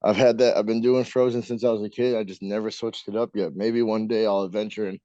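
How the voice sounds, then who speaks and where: A man co-hosting a casual podcast, easygoing and rambling, with a halting way of talking. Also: on the low side, fairly even intonation, dark tone, no echo, dull audio. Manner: rambling, laid-back, halting. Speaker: podcast co-host.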